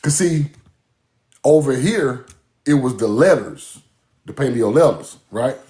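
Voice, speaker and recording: A man's voice: medium pitch, unhurried, roomy sound. A man, talking casually and mockingly in a profane rant to his audience. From US South. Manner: animated, laughing, mocking, profane.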